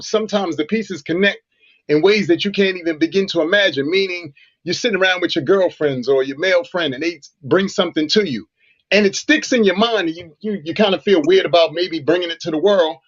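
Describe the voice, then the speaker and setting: A man's voice: on the high side, muffled recording. A man co-hosting a radio show, telling a story animatedly with lots of "you know" fillers. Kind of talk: casual radio chat, storytelling.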